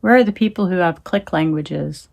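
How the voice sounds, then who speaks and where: A woman's voice: fairly low pitch, normal speed, vocal fry, muffled recording, noisy background. A woman talking into her phone in a rambling, emphatic monologue, swearing when she gets heated. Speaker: tarot reader.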